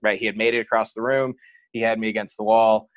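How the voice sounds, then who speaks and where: In a lowish voice with a level tone, a man talks fast as a podcast guest, frankly recounting a personal story in a casual way. He fills his speech with "like," and there's no room sound at all.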